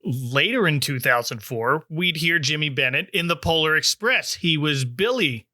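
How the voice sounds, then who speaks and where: A man's voice: fairly high pitch, lively intonation, normal speed, pushed and bright, dry recording, clean studio sound. A man hosting a podcast, recapping a cartoon special with informative asides and frequent chuckles. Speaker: podcast host.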